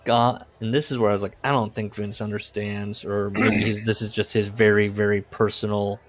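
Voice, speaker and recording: Low-voiced man reading with mock solemnity. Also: flat delivery, normal speed. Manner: reads quotes aloud with mock solemnity, laughs often. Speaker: podcast co-host reading a book aloud. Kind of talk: casual comedic book discussion.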